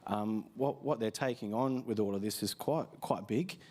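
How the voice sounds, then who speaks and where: The voice is on the low side and darkish, at a normal speed: a weary Australian pastor giving an informal sermon from a church stage. He tells stories loosely, with lots of fillers and restarts.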